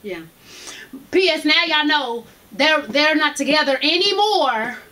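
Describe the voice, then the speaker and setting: A woman's voice: sits high, animated, a little slow, pushed and bright. A young woman recapping reality TV in a brash, profane, gossipy way, laughing often. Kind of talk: casual gossip review.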